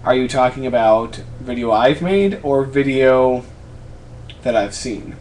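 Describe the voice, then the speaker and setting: A young man in his twenties chats through a fan Q&A from his apartment, wandering between thoughts and restarting sentences. His voice sits at an ordinary middle pitch. A faint hum of room noise runs under the recording. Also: unhurried, darkish tone. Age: 20s. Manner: rambling, self-correcting, chatty. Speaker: YouTube creator answering fan questions. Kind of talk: casual vlog Q&A.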